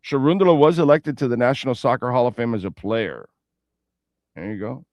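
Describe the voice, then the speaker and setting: Man, sports talk radio host, casual rambling, middle pitch, dry close mic. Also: brisk, darkish tone, no room sound. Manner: loose, rambling, playful asides; reads sponsor ads and betting lines.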